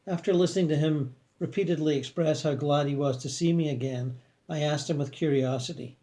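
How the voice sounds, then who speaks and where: Man reading a story in a mellow voice. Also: on the high side, steady tone, a little fast. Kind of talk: scripted first-person narration.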